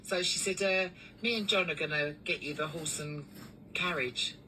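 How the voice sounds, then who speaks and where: A woman who runs a cleaning business, telling a long story in a chatty, animated way with lots of fillers. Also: deep voice, normal speed, distant mic, a little hiss or hum, low-quality recording. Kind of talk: casual storytelling vlog.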